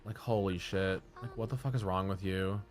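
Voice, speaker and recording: A man's voice: low voice, a little slow, faint music behind. A man streaming live, telling rambling, profane stories in casual chat.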